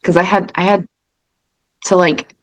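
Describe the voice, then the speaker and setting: A woman's voice: on the low side, flat delivery, a little slow, no echo, low-quality recording. A woman in casual chat, telling her own story in a conversational way, often stopping to rephrase. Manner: conversational, with frequent restarts and fillers.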